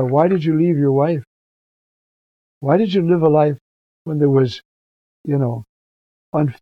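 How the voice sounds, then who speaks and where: Here a slightly high-pitched older man, a priest, talks through scripture readings for preachers in an earnest, conversational way. There's no echo, and the sound is dull and dry.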